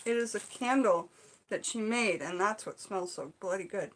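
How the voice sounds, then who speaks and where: A woman's voice: mid-range voice, normal speed, a little hiss or hum. Gushing chatty woman vlogger. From Seattle area. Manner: chatty, gushing and excitable, with frequent "um" and "like". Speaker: vlogger opening gifts. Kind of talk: casual unboxing chat to viewers.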